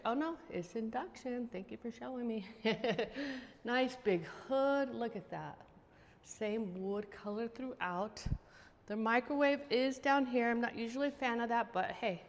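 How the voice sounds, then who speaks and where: A woman's voice: fairly high pitch, long reverb tail. Chatty woman touring a house. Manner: chatty and enthusiastic, gushing over features. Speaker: real estate agent giving a home tour. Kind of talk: casual walking home-tour narration. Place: outdoors then inside a large house.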